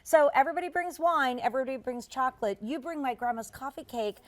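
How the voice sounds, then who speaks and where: A woman hosting a live television shopping segment, bubbly and gushing as she chats. Her voice sits fairly high, and she talks quickly and warmly about what she is tasting and selling. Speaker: shopping channel host. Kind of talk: live TV sales pitch.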